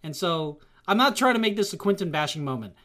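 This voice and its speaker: A speaker in casual chat who rambles and talks in an animated way, often acting out what others say. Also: medium pitch, quick pace. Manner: rambling, animated, acts out quotes.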